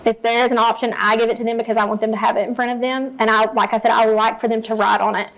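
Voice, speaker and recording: A woman's voice: on the high side, flat delivery, very fast, fairly bright tone, rough recording. A woman teacher walking fellow teachers through her reading lessons, explaining each step plainly and modeling read-alouds. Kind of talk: teacher training talk.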